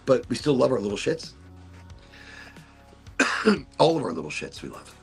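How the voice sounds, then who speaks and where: A man's voice: mid-range voice, animated, moderate pace, vocal fry, pauses often, faint music behind. A middle-aged man hosting a casual podcast, rambling and swearing as he tears up. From Florida. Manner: rambling, profane, emotional, frequent restarts. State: tearing up. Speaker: podcast host. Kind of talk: casual chat.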